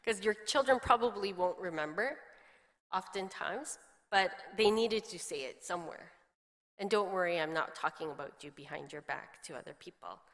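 A woman's voice: on the low side, moderate pace. Middle-aged woman pastor preaching in a reverberant hall. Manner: chatty, storytelling with laughs and quoted voices. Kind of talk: sermon.

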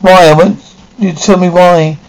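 An actress playing a rebellious grown daughter who feels trapped at home, speaking in sharp, scornful outbursts in a 1950s TV drama style. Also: female voice, lowish voice, fairly even intonation, moderate pace, lightly acted, rough recording. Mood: distraught. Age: young adult.

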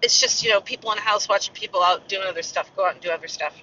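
Racing along in a bright, forceful mid-range voice, a woman in her forties talks casually from inside her car on a country road, with slight background noise. This podcaster rambles and veers off onto tangents about the sights she drives past. The recording sounds dull and muffled, as if from far away.

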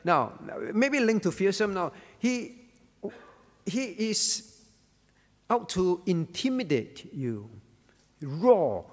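A man's voice: high voice, very animated, slow pace, in a large hall. A male pastor leading an interactive Bible study, asking questions, calling on listeners by name and repeating key words.

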